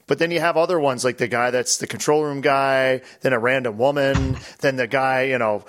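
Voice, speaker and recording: Host, man, mid-range voice, casual and chatty, drops into quick impressions. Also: medium pitch, steady tone, fairly bright tone. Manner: chatty, mimics game voices, laughs often. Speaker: pinball podcast host. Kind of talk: casual chat.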